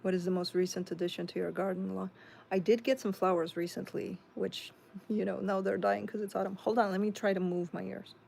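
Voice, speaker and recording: A woman's voice: medium pitch, flat delivery, brisk, gravelly, a little mellow, a little hiss or hum. A woman with a Chicago accent hosting a tarot live stream, reading viewer comments aloud and chatting back casually.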